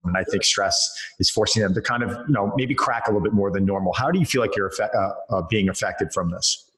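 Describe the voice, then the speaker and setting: A low-voiced man hosting a podcast, heard in a room with plenty of echo. He asks his questions haltingly, apologizing as he goes. The talk is casual. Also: fairly bright tone. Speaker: podcast host. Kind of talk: casual interview chat. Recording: echoey room.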